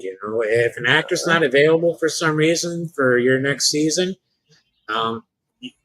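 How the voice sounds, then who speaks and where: A man's voice: mid-range voice, fairly bright tone, no room sound, low-quality recording. A man co-hosting a live stream, talking casually with frequent restarts and hesitations. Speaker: podcast co-host.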